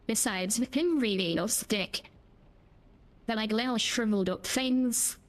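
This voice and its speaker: A woman gaming streamer plays a driving game, keeping up cheeky, jokey, rambling gameplay chatter. She has a fairly high voice and speaks at a measured pace.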